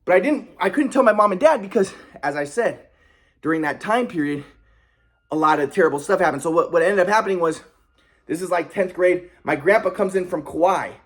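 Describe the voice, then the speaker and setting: Young man, aggrieved rambling monologue; fast, high, husky. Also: animated. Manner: rambling, aggrieved, many restarts and repetitions. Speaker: vlogger. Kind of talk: personal storytelling monologue.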